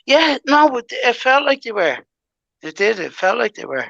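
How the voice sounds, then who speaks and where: A young man in casual podcast chat, relaxed and slow, asking gentle questions. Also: very high-pitched, creaky, dry recording, highs cut off.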